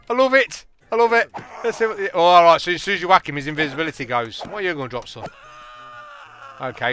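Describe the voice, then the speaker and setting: Man, game commentary, lively bouncing voice, bright edge, jokey and excitable. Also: fairly high pitch, smooth. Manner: excitable, jokey, laughs at his own jokes. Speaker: gaming channel host.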